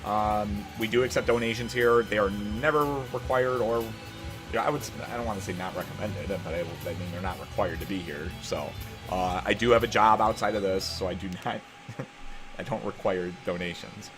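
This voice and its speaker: A man's voice: on the low side, fairly even intonation, normal speed, music in the background. Rambling man chatting on a live stream. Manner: rambling, self-deprecating storytelling. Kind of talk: casual live-stream chat while gaming. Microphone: desk microphone.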